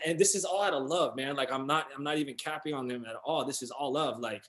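A man, an actor guest, telling lively anecdotes in casual chat, slangy and full of "you know" and "man". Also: mid-range voice, quick pace. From US, San Francisco Bay Area.

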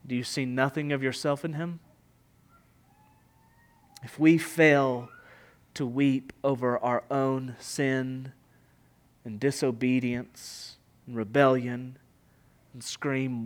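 Impassioned preacher, slow and dramatic. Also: male voice, medium pitch, steady tone. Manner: impassioned preaching, swelling loud and dropping to near whisper. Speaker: pastor. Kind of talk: sermon.

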